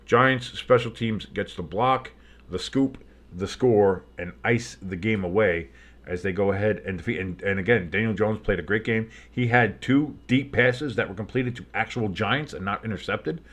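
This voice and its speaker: A tired, yawning man hosting a live football stream, calling the plays with loose, rambling chatter and sudden excited calls. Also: lowish voice, moderate pace. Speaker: play-by-play streamer and show host. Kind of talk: live play-by-play commentary with reactions.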